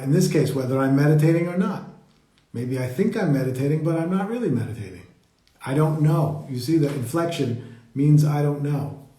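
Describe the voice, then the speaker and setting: A man leading a live meditation talk, speaking slowly and reflectively and greeting viewers as they join. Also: medium pitch, mellow. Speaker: meditation teacher. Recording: roomy echo.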